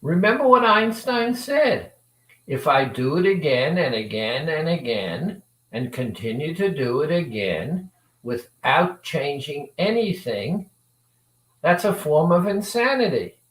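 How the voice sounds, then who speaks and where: A man's voice: a little high, reverberant, distant mic, rough recording. A man coach telling a motivational story, acting out both sides of a conversation. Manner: acts out both sides of a dialogue with lively shifts. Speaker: weight-loss coach.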